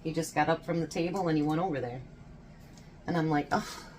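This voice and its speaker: A woman's voice: sits low, fast, noisy background. A woman in her fifties chatting casually while baking in her kitchen, telling stories and laughing often. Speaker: home baking vlogger.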